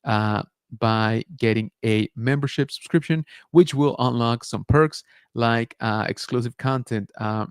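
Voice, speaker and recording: A man's voice: medium pitch, unhurried, clean tone, no echo, clean studio sound. A man hosting a casual late-night livestream, chatting loosely with viewers and thanking them as he signs off. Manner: relaxed, rambling, thanks viewers and reads chat. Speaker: channel host. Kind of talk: casual livestream sign-off chat.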